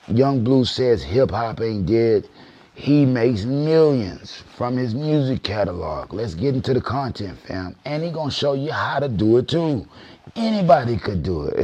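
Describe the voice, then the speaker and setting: A man's voice: medium pitch, lively intonation, measured pace, darkish tone. A male channel host talking in a laid-back, slangy way as he plugs the channel. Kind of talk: casual commentary and sign-off.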